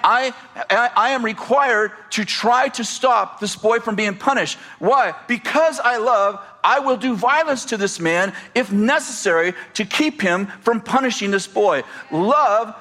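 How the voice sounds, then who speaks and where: High-voiced animated preacher man. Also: measured pace. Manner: animated, storytelling with humor and asides. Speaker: pastor. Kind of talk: sermon.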